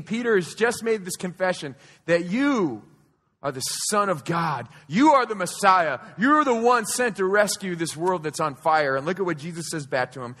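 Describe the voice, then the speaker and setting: Man preaching a sermon, very high voice, bright and forceful tone, rhetorical questions, loud then hushed, long hall reverb. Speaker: pastor. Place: church auditorium.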